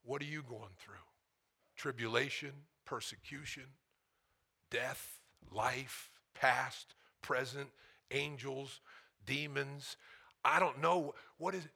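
A middle-aged male preacher giving a sermon, swinging from loud calls to hushed whispers and asking the congregation questions. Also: medium pitch, slow, creaky, slightly rough. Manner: asks the congregation "how many know".

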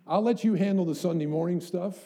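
A man's voice: high-pitched, brisk, warm tone. A middle-aged man preaching a sermon as pastor, emphatic, building up with rhetorical questions to the congregation.

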